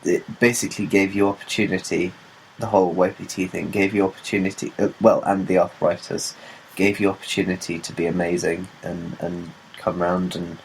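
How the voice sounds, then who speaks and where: A man's voice: low-pitched, flat delivery, brisk, creaky, a little hiss or hum, poor audio. Giggly man chatting on a podcast. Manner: chatty and giggly, swears, acts out quoted lines in raised voices. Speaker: podcast co-host. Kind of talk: casual chat.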